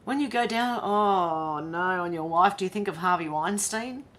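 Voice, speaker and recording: An Australian woman hosts a livestream from home, reading the news aloud in a lowish, fairly bright voice at a moderate pace. She reacts with exasperated, incredulous remarks and breaks into laughter.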